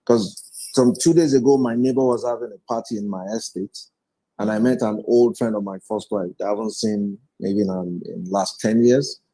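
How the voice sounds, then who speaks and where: Guy in his 40s, husky mellow voice, earnest and reflective, sharing his story in an interview. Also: fairly low pitch, steady tone, moderate pace, low-quality recording. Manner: earnest, reflective, retells conversations. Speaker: guest speaker. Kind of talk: personal testimony in an interview.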